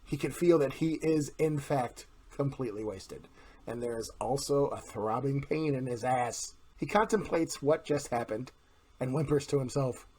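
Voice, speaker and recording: A husky-voiced man hosts his own vlog at a middling pitch. He talks in a chatty, blunt way and pokes fun at himself as he speaks straight to his viewers. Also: normal speed, darkish tone. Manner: chatty, self-deprecating, blunt. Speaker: vlogger, channel host. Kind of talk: casual vlog with a told joke.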